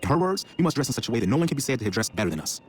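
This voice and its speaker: A man's voice: medium pitch, big pitch swings, racing, soft background music, natural voice. A man voicing a prim gossipy society member. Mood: confiding. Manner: confiding, polite. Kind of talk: video game voice acting.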